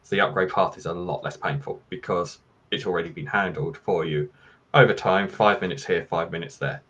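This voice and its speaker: A man speaking as a guest in a casual panel discussion over a video call, explaining in a steady, measured way. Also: low-pitched, breathy edge, highs cut off.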